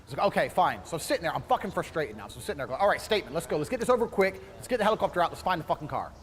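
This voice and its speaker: A man rattles off an indignant anecdote, full of swearing and acted-out dialogue. His voice sits high and swings widely in pitch at a quick clip. There is a long hall-like tail on the voice and a faint hiss underneath. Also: big pitch swings. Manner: indignant, swearing, acts out other people's lines. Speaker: storyteller in a played clip. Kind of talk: profane animated anecdote.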